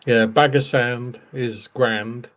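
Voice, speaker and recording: A man's voice: mid-range voice, fairly even intonation, slow, fairly bright tone. A man chatting casually on a livestream, teasing his co-host and quizzing her on slang. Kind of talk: casual chat.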